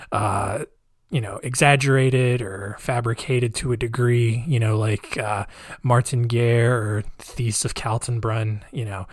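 A man's voice: mid-range voice, no room sound, clean studio sound. A man hosting a casual storytelling podcast. He rambles, uses lots of fillers and adds sarcastic asides. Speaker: podcast host.

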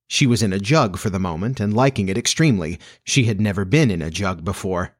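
A man narrating a children's classic as an audiobook in a measured, expressive storytelling manner. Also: fairly low pitch.

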